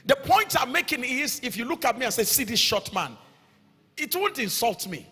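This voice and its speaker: A middle-aged man with a Nigerian accent preaching a sermon, emphatic and sing-song, sometimes rising to shouts. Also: extremely high pitch, big pitch swings, normal speed, slightly rough. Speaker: pastor. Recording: reverberant hall sound.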